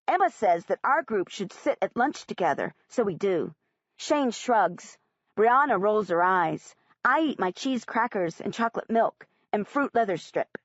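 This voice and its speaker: A woman reads a first-person audiobook with a lively, expressive pitch. She speaks plainly and clearly. The recording is dry and a little muffled. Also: no room sound. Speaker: audiobook narrator.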